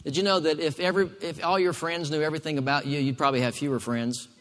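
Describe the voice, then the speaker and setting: A man's voice: on the high side, fairly even intonation, quick pace, in a large hall. A male pastor preaching a sermon emphatically, calling for responses from the congregation.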